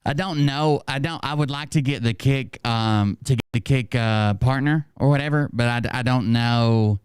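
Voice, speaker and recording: A man's voice: mid-range voice, normal speed, clear, resonant tone, dry recording, studio quality. A man hosting a casual livestream, rambling and self-mocking, laughing often. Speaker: streamer host.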